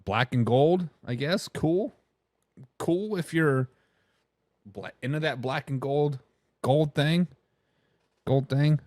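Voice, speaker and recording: High-voiced man ranting on sports talk. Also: slow, long pauses, dry recording, clean studio sound. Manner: animated, ranting, reads fan comments aloud. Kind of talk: casual live sports chat.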